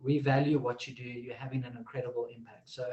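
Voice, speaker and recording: A man hosting a live-streamed teacher event, friendly and a little halting as he wraps up the session. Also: medium pitch, flat delivery, a little mellow, reverberant, dull audio. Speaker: event host.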